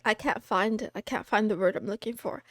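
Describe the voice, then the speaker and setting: A woman's voice: mid-range voice, brisk, a bit bright, dry recording, clean studio sound. A woman streamer chatting casually on a livestream, giggly and playful, greeting viewers by name and slipping into a cat persona with meows. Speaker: VTuber streamer. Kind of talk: casual livestream chat, reading out viewer names.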